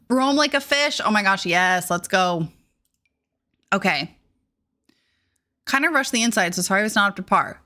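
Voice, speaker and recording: A bubbly young woman streamer chats casually, greeting viewers and gushing over what she sees. Her voice is bright and forward. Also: mid-range voice, expressive, moderate pace, pauses often. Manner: bubbly, gushing, reads chat aloud. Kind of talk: casual live-stream chat.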